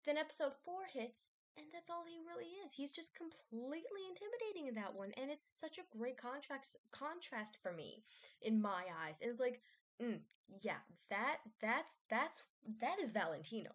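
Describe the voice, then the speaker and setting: A woman's voice: high-pitched, big pitch swings, moderate pace. A woman vlogger rambling casually, with many fillers, restarts and self-doubt.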